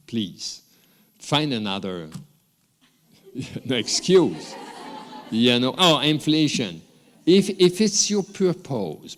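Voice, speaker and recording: A man with a French accent giving a rambling, unscripted graduation speech, with many restarts and small chuckles. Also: medium pitch. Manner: rambling, warm asides, frequent restarts and chuckles. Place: large ceremony hall. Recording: long hall reverb from the ceremony room.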